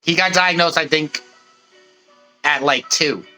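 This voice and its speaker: A man with a bright, slightly high voice co-hosts a casual podcast. He explains his points in an earnest, rambling way, restarting sentences as he goes. Faint music plays underneath. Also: slow pace, poor audio. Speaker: podcast co-host.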